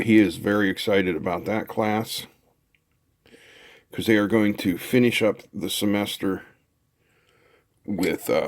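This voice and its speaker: A middle-aged man casually talking through a kit build as he solders, chatty and thinking aloud. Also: deep voice. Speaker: electronics hobbyist host.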